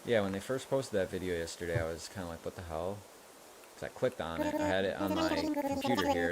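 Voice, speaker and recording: A man's voice: sits low, background noise. A man streaming a video game, chatting casually with rambling asides as he plays. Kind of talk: casual gameplay commentary.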